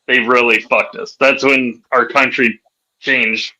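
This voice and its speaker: A man's voice: medium pitch, level tone, slow pace, pushed and bright, low-quality recording. A man hosting a podcast in easygoing, rambling casual chat. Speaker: podcast host.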